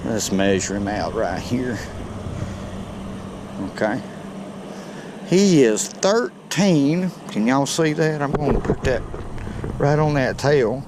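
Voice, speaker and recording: In an unhurried way with long pauses, a man with a mid-range voice hosts a casual outdoor fishing video, chatting folksily from a boat by the docks and talking to the fish he catches. The background is noisy.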